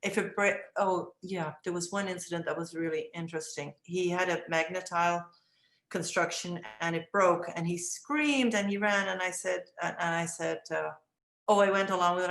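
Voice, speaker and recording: Speaking at a moderate pace, an older woman who teaches early childhood tells stories from her classroom and voices the dialogue in high, lively tones. The recording has an echoey room sound.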